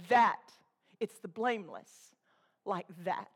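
A woman preaching a sermon to a congregation, swinging between loud exhortation and hushed, intense asides. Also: fairly high pitch, animated, measured pace. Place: church room with a congregation.

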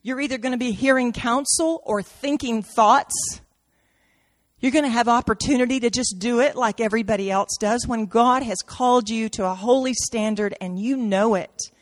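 A woman preaching a sermon with great drama, dropping to near-whispers and rising to shouts. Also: a little high, moderate pace, big-room sound. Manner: dramatic, swings from soft to shouting, acts out quotes.

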